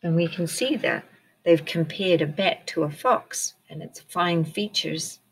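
In an unhurried, slightly rough voice on the low side, a teacher reads a picture book to a group of children. She's encouraging and keeps asking the kids questions.

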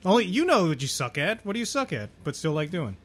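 A man with a high, very animated voice in a casual podcast chat, dropping jokey one-liners. His tone is bright, with faint room noise behind it. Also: quick pace. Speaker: podcast co-host.

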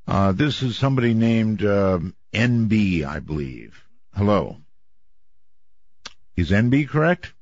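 Man, radio host, low voice, lively pitch, brisk, dull lo-fi sound. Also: dry recording. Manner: brisk, moves callers along. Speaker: radio talk show host. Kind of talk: call-in radio chat. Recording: dull lo-fi stream audio.

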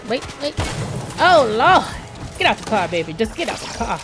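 Over loud game music, a gaming channel host with a fairly high voice speaks at normal speed. She reacts excitedly as she plays, exclaiming and chatting at the game in a relaxed Southern-tinged way.

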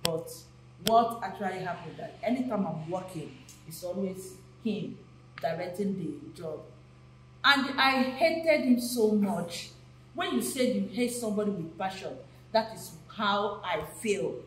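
A woman's voice: fairly low pitch, normal speed. A woman, telling a long story to guests and acting out what people said. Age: 50s. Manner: animated, acts out quoted voices. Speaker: actress and costumier. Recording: echoey room with faint noise.

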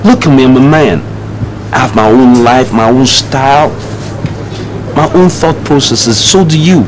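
A man's voice: mid-range voice, unhurried, natural voice. An actor playing a cold, arrogant young man who lectures and talks down to his fiancée, in a film drama. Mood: dismissive. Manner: lecturing, condescending. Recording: noisy film soundtrack.

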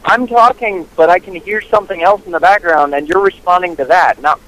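A man's voice: fairly quick, fairly bright tone. A young man on a phone call, confused and rambling as strangers talk over him. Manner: confused and rambling, jumps in pitch. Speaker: prank call recipient.

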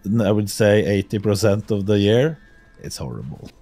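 A man from Norway with a Norwegian accent, chatting casually on a call, speaking English as a second language and often pausing to find his words. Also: lowish voice, lively intonation, creaky, warm tone, soft background music. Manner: hesitant, searching for words, plain-spoken. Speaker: guest streamer.

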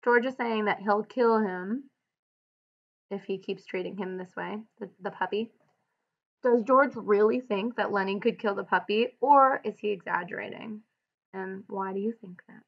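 A woman's voice: mid-range voice, moderate pace, gravelly, lo-fi sound. Woman teacher reading a novel aloud. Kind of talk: read-aloud with guided questions.

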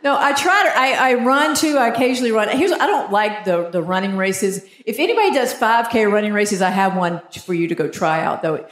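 A woman's voice: medium pitch, a little fast, few pauses. A woman in her fifties with a Southern US accent, telling self-mocking stories on stage as a stand-up comedian. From Georgia, US. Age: 50s. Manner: animated storytelling, self-mocking. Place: theater stage before a live audience. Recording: echoey theater with audience noise.

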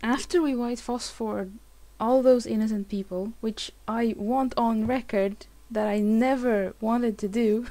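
A woman's voice: fairly high pitch, fairly even intonation, a little slow, few pauses, mellow. A woman hosting a let's play, giving emotional game commentary with swearing and lots of restarts.

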